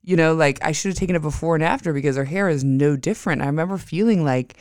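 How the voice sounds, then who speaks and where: A chatty podcast host spinning a casual story with a smooth, resonant voice at a middle pitch. The sound is dry and close, with no room echo. Other people's lines get acted out along the way. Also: quick pace. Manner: chatty, animated, acts out quoted dialogue.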